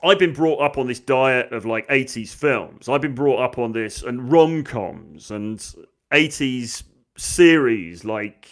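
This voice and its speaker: A man's voice: medium pitch, slow pace. A man, a dating coach, telling a story from his school days and acting out the lines of the people in it. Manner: animated, acts out quoted lines. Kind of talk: storytelling monologue.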